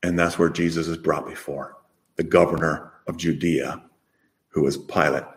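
A man preaching a sermon, emphatic and full of rhetorical questions, with his voice rising and falling in loudness. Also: deep voice.

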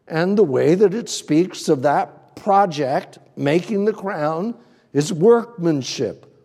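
A man preaches a measured expository sermon, laying out his points one heading at a time. His voice sits a little high for a man but sounds mellow and dark, and he speaks unhurriedly. The sound carries a long reverb, as in a church sanctuary. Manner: methodical, outlines points with numbered headings.

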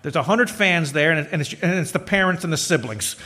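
A middle-aged man preaching a sermon, talking to his congregation as if chatting with them. His voice sits a little high for a man, and he tells jokey stories, acting out the people in them. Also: expressive, fairly quick, hardly any pauses, bright, forceful tone. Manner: conversational, jokey storytelling with quoted voices. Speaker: pastor.

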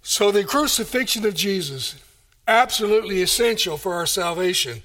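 A man's voice: high voice, lively intonation, moderate pace, fairly bright tone. A man preaching a sermon, emphatic and full of rhetorical questions. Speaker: pastor.

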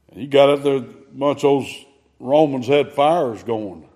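A man preaching a sermon in a folksy, conversational way, swinging between loud emphasis and hushed asides. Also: mid-range voice, unhurried.

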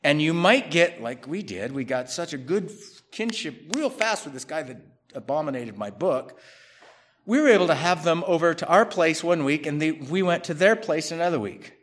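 A man preaching a sermon as a pastor, talking conversationally, rising to loud emphatic bursts, dropping to quiet asides, and acting out quoted people. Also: a little high, expressive, normal speed. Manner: acts out quoted people in his own voice.

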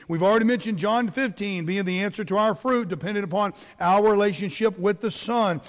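Middle-aged male pastor, high voice, earnest and repetitive sermon delivery in a church with long echo. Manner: earnest preaching with repetitions and fillers. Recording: long hall reverb.

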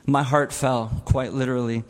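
A man's voice: mid-range voice, fairly even intonation, moderate pace. A man in his forties giving a funeral eulogy, telling stories with laughs and asides. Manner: warm storytelling with laughs and asides. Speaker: eulogy speaker. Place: chapel. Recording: long hall reverb in a chapel.

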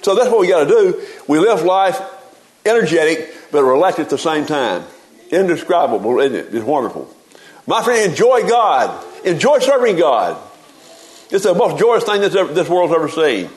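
A man's voice: a little high, sing-song, normal speed, poor audio. A man preaching a sermon in a folksy, emphatic way, often repeating words as he gets going.

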